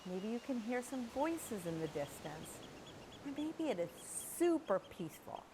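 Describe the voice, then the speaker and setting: A middle-aged woman leads children through a guided relaxation in a gentle, unhurried voice. She speaks softly at a medium pitch, giving slow, soothing instructions. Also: slight background noise. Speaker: kids' yoga teacher. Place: indoors at home on a yoga mat.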